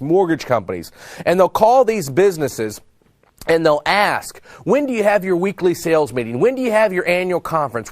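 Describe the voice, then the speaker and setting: A middle-aged man from Texas gives a sales talk full of stories, slipping into the voices of the people in them. His voice sits a little high. The sound is dry and close to the mic. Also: no room sound. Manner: animated storyteller, acts out dialogue. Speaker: sales trainer and speaker.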